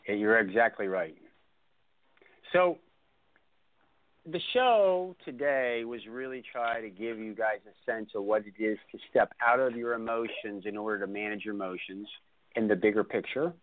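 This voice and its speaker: A man's voice: on the low side, normal speed. A man hosting a radio talk show as an ADHD coach, telling a story emphatically with lots of repetition. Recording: dry, phone-like line.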